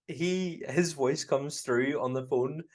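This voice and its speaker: Man, Northern Irish accent, podcast co-host, casual chat, lively retelling. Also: a little high, takes it slowly. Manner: animated, laughing, swearing, quotes lines in put-on voices.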